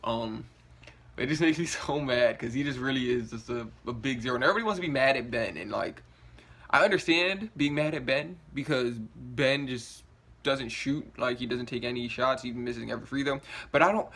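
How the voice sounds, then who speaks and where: A man's voice: mid-range voice, fairly quick, a bit bright. Dude ranting about his team, groggy and yawning, keeps saying like, mid voice, mad and rambling. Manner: frustrated, rambling, swearing, many "like" fillers. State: yawning and groggy, just woken up. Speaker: sports vlogger. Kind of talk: casual rant to camera.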